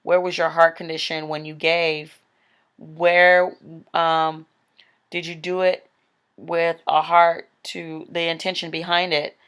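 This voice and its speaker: A woman voicing an emotionless, businesslike male heavenly clerk who speaks in a flat, matter-of-fact way. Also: deep voice, takes it slowly, clear, resonant tone. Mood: stern.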